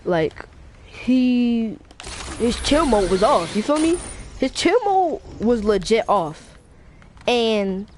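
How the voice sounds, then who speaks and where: A woman's voice: medium pitch, darkish tone, a little hiss or hum. A woman casually telling a made-up fan story, rambling and slangy. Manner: rambling, slangy, laughs, restarts. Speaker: YouTuber.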